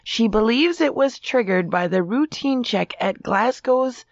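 A woman's voice: fairly high pitch, expressive, a little slow, no room sound, muffled recording. A woman co-hosting a comedy podcast, reading a news story aloud and laughing often.

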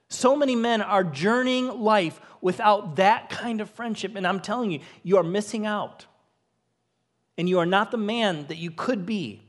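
High-voiced earnest male pastor preaching. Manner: earnest, emotional storytelling with rising emphasis. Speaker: co-lead pastor. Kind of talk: sermon with personal stories. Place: church stage before a congregation.

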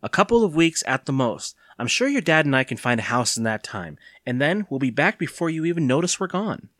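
A man's voice: fairly high pitch, very animated, brisk, a bit bright, dry recording, studio quality, pitched above the performer's own voice. A man reading aloud and voicing an impatient, firm mother, curt and exasperated. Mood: reassuring.

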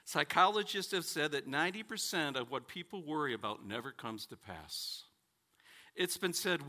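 A man preaching a sermon, telling stories and acting out their characters with dramatic pauses. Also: a little high, lively intonation, bright, forceful tone.

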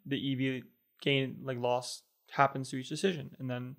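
A man's voice: medium pitch, little pitch movement, moderate pace, creaky, fairly bright tone. A man co-hosting a casual talk show, rambling and thinking aloud with many fillers. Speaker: podcast co-host. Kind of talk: casual chat.

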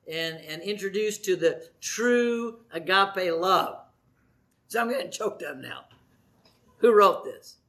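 High-voiced chatty man preaching. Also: a bit bright. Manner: chatty and jokey, laughs often. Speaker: pastor. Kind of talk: sermon with church announcements. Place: church sanctuary.

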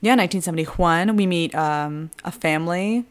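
A woman with a somewhat low-pitched voice chats about a movie as a podcast co-host. She recaps the plot with an animated, giggly delivery. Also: moderate pace. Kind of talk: casual movie-review chat.

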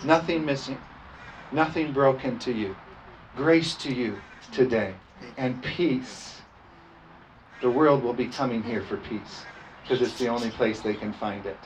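A man's voice: medium pitch, unhurried, long pauses, slight background noise, rough recording. A man preaching a sermon as pastor, emphatic and repetitive, calling for responses from the congregation.

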